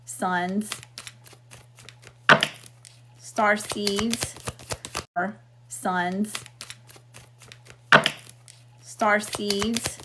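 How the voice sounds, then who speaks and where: A middle-aged woman talks through a tarot spread in a loose, casual way, tagging almost every point with "okay?" or "right?" Her voice sits at a middle pitch, and she swears freely. A faint noise runs behind her. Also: fairly even intonation, slow, long pauses. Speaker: tarot reader. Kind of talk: casual spiritual tarot reading.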